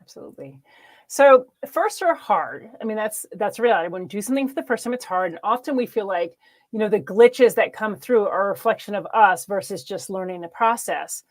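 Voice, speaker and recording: A woman hosting a casual interview, chatty and quick to laugh. Her voice sits in a middle range and sounds close and dry, with no room around it. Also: mid-range voice, animated, dry recording. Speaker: host.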